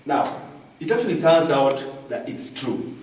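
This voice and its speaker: A man's voice: fairly high pitch, big pitch swings, measured pace, a little mellow, a little hiss or hum. A Kenyan man doing a satirical comic news monologue, repeating each punchline with "I'm telling you.". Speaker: comedian. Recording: very echoey, distant from the mic.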